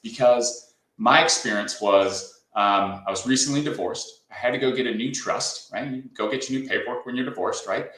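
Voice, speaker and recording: A man's voice: medium pitch, normal speed, fairly bright tone, echoey room, poor audio. A man from Southern California, a company founder talking as a guest in a casual interview, telling stories and often adding "right?". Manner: storytelling, often tags lines with "right?".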